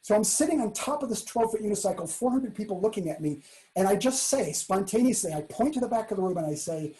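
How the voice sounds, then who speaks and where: Mellow-voiced male storyteller. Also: high voice, fast talker, rough recording. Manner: animated storyteller, acting out quoted lines in a hushed voice. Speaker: keynote speaker. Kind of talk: storytelling talk.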